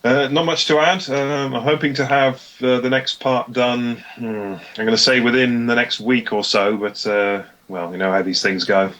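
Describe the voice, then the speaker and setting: A man's voice: medium pitch, level tone, moderate pace, few pauses, a bit bright. Hesitant male podcast guest. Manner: hesitant, many ums and uhs. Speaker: podcast guest, comic creator. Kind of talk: casual chat.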